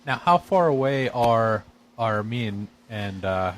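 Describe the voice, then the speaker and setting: A man at a tabletop game talks slowly and in a measured way. A faint room ambience sits behind him. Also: fairly low pitch, animated, slight background noise. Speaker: player. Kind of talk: casual game chat.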